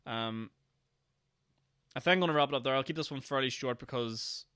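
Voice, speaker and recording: A young man with a Northern Irish accent, rambling through a solo podcast with a sarcastic edge and quick mock voices. His tone is bright and clean, and he sounds tired. The sound is dry and close. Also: medium pitch, clean tone, dry recording. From Northern Ireland. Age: 20s. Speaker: podcast host. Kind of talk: casual solo podcast monologue.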